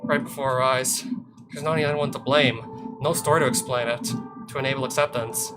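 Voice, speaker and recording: A man's voice: medium pitch, steady tone, normal speed. Man reading a visual novel aloud. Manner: sardonic asides with swearing. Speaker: let's play host. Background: soft guitar music.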